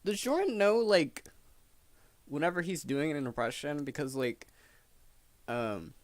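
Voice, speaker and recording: A man's voice: on the high side, animated, measured pace, no room sound. A man giving casual commentary, chatty and filling his talk with "like". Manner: chatty, fills with "like". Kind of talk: casual commentary over clips.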